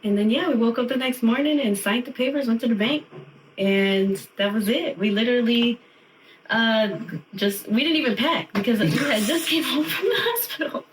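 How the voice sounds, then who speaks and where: A woman in her thirties tells stories in animated casual chat and laughs often. She sounds a bit away from the mic, with the room echoing around her voice. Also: on the high side, moderate pace, slight background noise. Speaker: podcast co-host. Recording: roomy and distant from mic.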